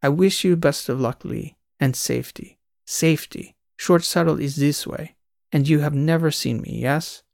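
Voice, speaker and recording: Brief: narrator putting on a jumpy Eastern European station guide, higher voice, broken English, urgent hush. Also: male voice, normal speed, vocal fry, no room sound, studio quality. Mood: urgent secretive. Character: nervous secretive male station guide.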